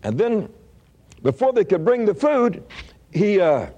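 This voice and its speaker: An older man preaching a testimony in a folksy storytelling way, stumbling and restarting as he goes. His pitch rises and falls with animation, and his voice is mellow and a little husky. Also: big pitch swings, unhurried, dull audio.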